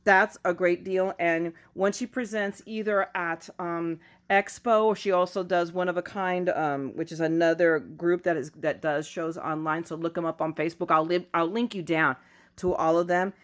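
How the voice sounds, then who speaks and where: A woman's voice: on the low side, steady tone, normal speed. A woman chatting casually at home in a craft haul video, goofy and self-mocking as she shows her finds. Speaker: craft vlogger.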